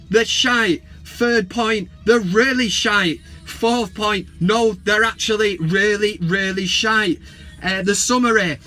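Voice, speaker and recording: A man talks straight to camera from his parked truck, excitable and quick to swear. His voice sits high and sounds bright and forceful. It is loose, chatty fan-vlog talk. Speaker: football vlog host. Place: parked truck at a service station.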